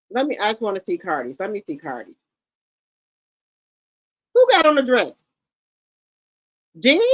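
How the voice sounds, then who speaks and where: A woman hosting casual celebrity gossip commentary, talking straight to her viewers with loud, incredulous exclamations and blunt swearing. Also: mid-range voice, no room sound. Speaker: gossip channel host.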